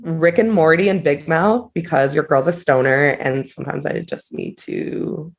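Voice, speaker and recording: A woman co-hosting a podcast, chatting in a gossipy, animated way and saying "like" a lot. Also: low-pitched, moderate pace. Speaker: podcast co-host. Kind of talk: casual chat.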